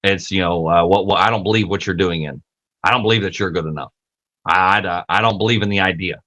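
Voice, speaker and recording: A man hosting his own podcast, talking in a casual, animated monologue. He swears freely, stumbles over repeated words and acts out the voices he quotes. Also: fast talker. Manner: acts out quoted voices with big pitch jumps. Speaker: podcast host.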